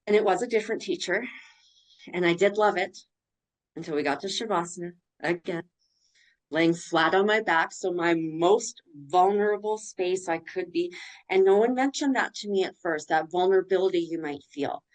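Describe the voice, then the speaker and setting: Candid, emotional woman with a low voice. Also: moderate pace, low-quality recording. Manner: candid and emotional, blunt swearing. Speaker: podcast guest. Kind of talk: personal storytelling.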